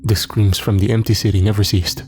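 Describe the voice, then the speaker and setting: A man narrating a first-person horror story in a steady, somber way. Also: fairly low pitch, fairly quick, soft background music.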